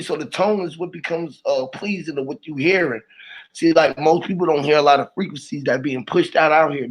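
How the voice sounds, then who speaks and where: A man in a casual podcast conversation, talking in an animated, rambling, slangy way. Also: a little high.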